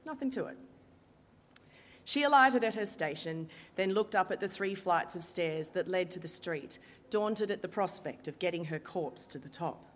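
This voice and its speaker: A woman performer telling a true story in a lively, wry way with dramatic pauses. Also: lowish voice. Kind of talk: live storytelling. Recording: long hall reverb.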